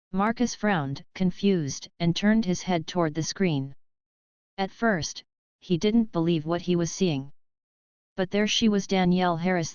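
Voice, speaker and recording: A woman reading a dramatic story aloud in a steady, even narrating voice. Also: on the low side, clear, resonant tone, dry recording. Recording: dry, slightly dull lo-fi.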